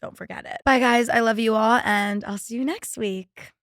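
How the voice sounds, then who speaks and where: Chatty young woman with a gravelly edge. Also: fairly high pitch, steady tone, normal speed, fairly bright tone, dry recording, clean studio sound. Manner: chatty, swearing, reads listener stories aloud. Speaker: podcast host. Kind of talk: casual solo podcast chat.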